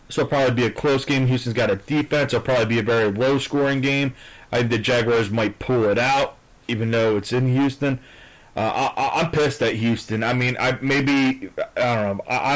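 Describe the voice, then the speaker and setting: A man at an ordinary pitch rambles through his football picks. He stops and restarts often and leans on fillers. He is blunt and swears freely. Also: low-quality recording. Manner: hesitant, with many fillers and restarts; blunt and profane. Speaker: vlogger giving football picks. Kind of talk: casual rambling sports predictions.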